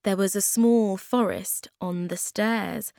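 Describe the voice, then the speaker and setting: A woman reading a children's story aloud at a slow, clear, even pace. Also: mid-range voice, no echo, studio quality.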